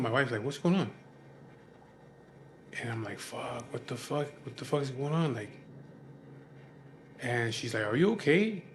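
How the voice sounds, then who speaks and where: A man's voice: medium pitch, a bit bright, slight background noise. Rambling, profane man telling a story. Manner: rambling, profane, full of fillers. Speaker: vlogger telling a personal story. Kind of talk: casual storytelling.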